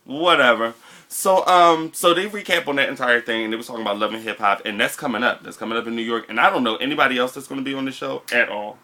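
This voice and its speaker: A young man co-hosting a casual reality TV recap, gossiping in an animated, exclaiming way. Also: mid-range voice, fast talker. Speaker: co-host.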